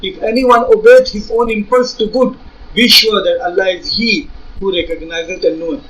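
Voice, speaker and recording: Indian english guy, pretty high voice, arguing back at a critic w lots of rhetorical questions, a bit far from the mic. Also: fairly even intonation, normal speed, fairly bright tone. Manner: argumentative, rhetorical questions, reads scripture aloud. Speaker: religious debater. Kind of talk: rebuttal lecture.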